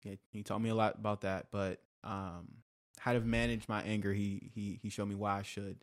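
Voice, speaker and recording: A man's voice: on the low side, level tone, normal speed. Young male podcast host, open and confessional, loose rambling chat. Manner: candid and confessional, rambling with restarts.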